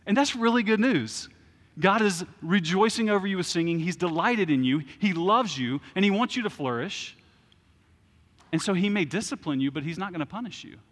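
A man's voice: sits high, fairly bright tone, big-room sound. A man in his thirties preaching a sermon as pastor, conversational, with asides and restarts.

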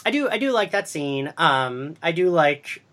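A podcast host chatting casually, upbeat and giggly, retelling scenes with quick voices. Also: mid-range voice, sing-song, fairly bright tone.

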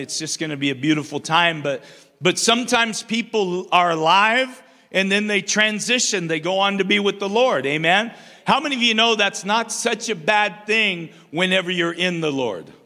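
A bright, high-pitched older man preaches to his congregation, drawing call-and-response from the pews and circling back over his words as he builds each point. His voice rings out with a long church-hall reverb trailing behind it. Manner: call-and-response preaching, repeats and restarts phrases. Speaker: pastor. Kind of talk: sermon. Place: church sanctuary.

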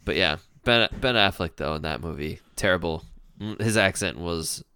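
A man's voice: low-pitched, moderate pace, bright, forceful tone, clear, resonant tone, dry recording. A man co-hosting a podcast in casual, jokey chat, laughing often and rambling. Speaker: podcast co-host.

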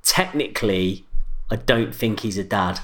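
A man's voice: lowish voice, unhurried, a bit bright. A man co-hosting a casual podcast chat, rambling and repeating himself as he talks. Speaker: podcast co-host.

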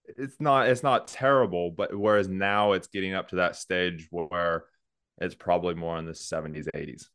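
Deep-voiced former police officer. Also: male voice, moderate pace, clear, resonant tone, no room sound, clean studio sound. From United States. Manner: relaxed, laughs often, restarts sentences. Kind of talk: casual interview conversation.

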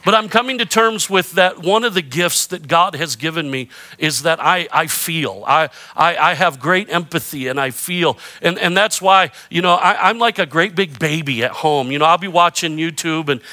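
A middle-aged male pastor preaching with a high, bright, ringing voice. He drives his points home with repetition and calls for amens. He lightens the sermon with self-deprecating humor. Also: normal speed, hardly any pauses. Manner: emphatic preaching with call-and-response prompts.

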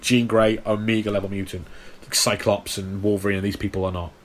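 A man's voice: on the low side, little pitch movement, brisk. A man co-hosting a casual film podcast, explaining at length and stammering over his restarts. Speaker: podcast co-host.

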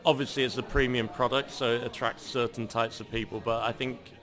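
Male shop owner, bright timbre, eager, restart-heavy answers. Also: mid-range voice, flat delivery, brisk, soft background music. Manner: enthusiastic, stammering restarts. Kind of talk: interview answers.

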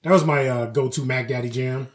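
A man co-hosting a podcast, telling animated work stories in casual, profane chat and acting out his coworkers' lines. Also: medium pitch, brisk. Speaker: podcast co-host.

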